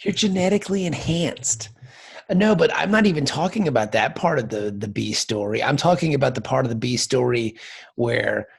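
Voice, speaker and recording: A man hosting a podcast in casual, jokey chat, animated and quick to joke. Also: mid-range voice, creaky, husky. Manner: animated, jokey, breaks into singing. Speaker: podcast host.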